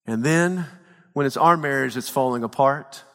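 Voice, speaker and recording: A man preaching a sermon in a church, swinging between shouted peaks and hushed low lines. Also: moderate pace, big-room sound. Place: church sanctuary.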